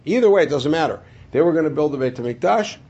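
A man teaching a Torah class, asking the room rhetorical questions and answering them himself, dropping into low asides and rising to emphatic high points. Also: lively intonation, quick pace, darkish tone, muffled recording. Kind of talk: classroom lecture.

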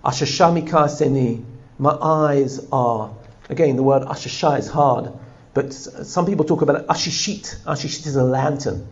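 A Torah teacher, a man with a medium-pitched voice, leads a text-study class at a moderate pace, the audio sounding dull. He's animated, translating line by line and constantly checking in with listeners by asking "right?".

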